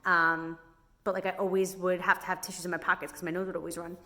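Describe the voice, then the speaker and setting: A woman's voice: on the low side, little pitch movement, fast, sharp tone. A young woman, a hairstylist, casually telling a story to camera with lots of "like" fillers. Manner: chatty, heavy use of "like" fillers. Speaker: hairstylist vlogger.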